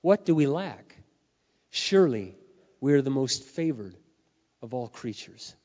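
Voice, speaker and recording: A middle-aged man preaching a sermon, earnest and confessional, swinging between quiet admissions and loud emphatic peaks, his voice wearing hoarse. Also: mid-range voice, very animated, a little slow. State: losing his voice. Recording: muffled sound in a reverberant hall.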